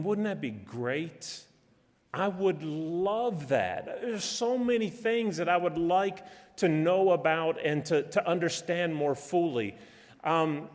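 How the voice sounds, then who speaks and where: A man delivers a sermon in a relaxed, conversational way, often stopping and restarting his sentences. His voice sits fairly high for a man. The church hall around him carries a long, lingering reverb. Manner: conversational, halting with many restarts. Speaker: preacher. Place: church auditorium.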